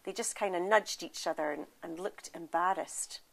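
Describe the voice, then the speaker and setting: A woman with a Scottish accent telling a folk tale aloud, expressive and lively, speaking straight to her listeners. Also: on the low side, normal speed, vocal fry. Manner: lively, expressive, addresses the audience. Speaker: storyteller. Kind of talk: oral storytelling.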